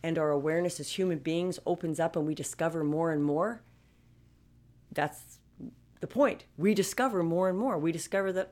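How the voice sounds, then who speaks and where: A woman's voice: sits low, normal speed, a little mellow. A woman in her fifties talking casually and emphatically to her viewers about advocating for yourself, often restarting her sentences. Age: 50s. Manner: chatty and emphatic, with frequent restarts. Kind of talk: casual personal talk to viewers.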